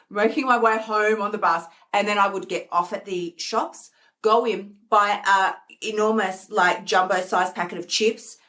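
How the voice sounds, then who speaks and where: A middle-aged woman hosting a self-help live stream, talking casually and animatedly and acting out the voices in her head. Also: mid-range voice. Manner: animated, acts out inner voices. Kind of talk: casual motivational talk.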